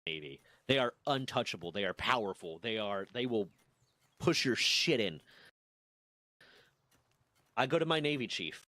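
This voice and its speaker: A man's voice: lowish voice, animated, a little fast, few pauses, sharp tone, dry recording, studio quality. A man in his twenties casually telling a rambling, profane story on a stream. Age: 20s.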